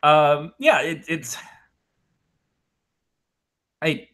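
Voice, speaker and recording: A middle-aged man co-hosting a horror movie podcast in casual chat, animated and profane, rambling through his points. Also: a little high, very slow. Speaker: podcast co-host.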